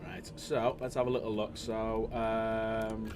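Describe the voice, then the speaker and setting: A man hosting a casual livestream, jokey and laughing often, with loud cheerful greetings. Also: lowish voice, flat delivery, takes it slowly, noisy background. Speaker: livestream host.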